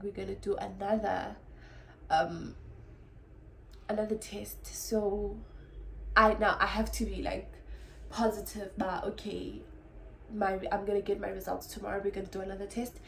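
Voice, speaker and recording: A young South African woman with a Xhosa background telling a story in a casual vlog, chatty and animated, switching between languages as she talks. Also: mid-range voice, moderate pace, gravelly, echoey room, slight background noise, low-quality recording. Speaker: vlogger.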